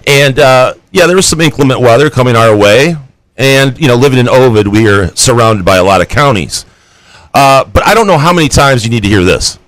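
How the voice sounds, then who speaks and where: A man's voice: mid-range voice, animated, a little fast, fairly bright tone, poor audio. A man co-hosting a podcast in casual chat, laid-back and trailing off, growing exasperated when he rants. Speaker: podcast co-host.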